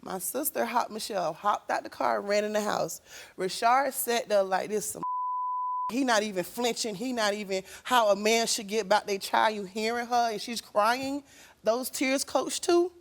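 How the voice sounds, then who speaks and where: Animated woman retelling a story with outbursts. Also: normal speed, noisy background. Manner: animated, acts out quotes with sudden loud high outbursts. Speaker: talk show guest. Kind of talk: emotional storytelling.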